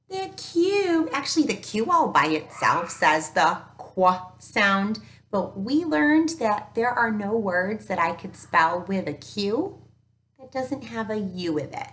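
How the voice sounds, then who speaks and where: A woman teacher giving a recorded phonics lesson to young children, upbeat and encouraging, sounding out each letter slowly. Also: fairly low pitch, fairly bright tone. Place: home teaching space with an easel. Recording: echoey room.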